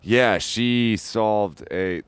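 A man bantering loudly on a casual podcast, joking and jumping between topics. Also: lowish voice, extremely slow, clear, resonant tone, dry recording.

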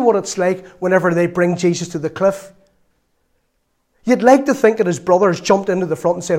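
A middle-aged Northern Irish man preaches a sermon with a high, brisk voice. He tells a lively story from his own family, acting out the voices in it and laughing often.

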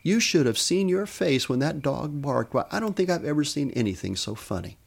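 A man voicing a giggly, excited woman in her seventies in a spoken story. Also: mid-range voice, normal speed. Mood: giggling.

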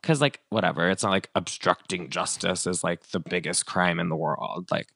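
A man's voice: low-pitched, normal speed, gravelly, a bit bright, dry recording. A man hosting a podcast, retelling a story in a casual, rambling way with lots of fillers. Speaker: podcast host.

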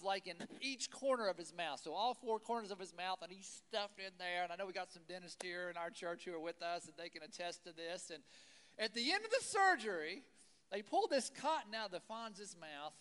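A man preaching a sermon in a church, chatty and animated, full of rhetorical questions and asides. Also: sits high, moderate pace, clear, resonant tone. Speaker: pastor. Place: church hall. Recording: long hall reverb.

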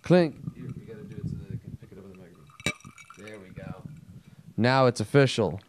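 A man's voice: on the low side, wildly swooping pitch, fast, a little hiss or hum. A man co-hosting a gaming podcast, joking around in loose, rambling banter with lots of laughter. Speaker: podcast co-host.

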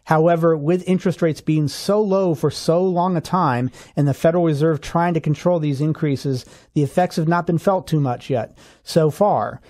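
A man co-hosting a radio finance show, explaining rules step by step in a steady, clear way. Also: on the high side, normal speed. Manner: steady explanatory, walks through examples step by step. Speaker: financial advisor co-host.

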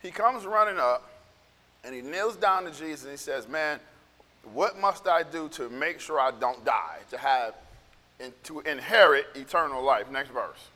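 A man gives a relaxed, chatty sermon, repeating phrases and acting out what people say. His voice is bright and a little high. It echoes through a large hall. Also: normal speed. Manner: conversational, repeats himself, acts out quotes. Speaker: pastor. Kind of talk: casual sermon.

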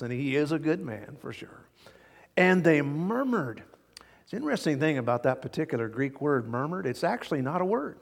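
A man's voice: medium pitch, expressive, moderate pace, gravelly, a little mellow, long reverb tail. A man preaching a sermon verse by verse, acting out the people he quotes and chuckling often. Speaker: pastor. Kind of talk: expository sermon.

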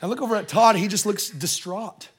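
High-voiced man telling a funny sermon story. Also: brisk, husky. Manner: lively, joking, conversational asides. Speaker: speaker at a church service. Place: in front of a live audience in a room.

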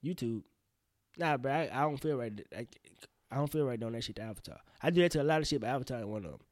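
A man hosting a casual solo podcast, rambling in slang with profane, animated outbursts. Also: medium pitch, quick pace, no echo, clean studio sound. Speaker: podcast host.

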